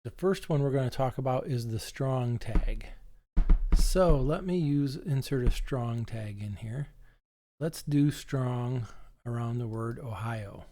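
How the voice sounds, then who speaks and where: Man calmly teaching a coding lesson. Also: mid-range voice, slow pace. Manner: plain, patient step-by-step explaining with fillers. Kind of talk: screen-recorded coding tutorial.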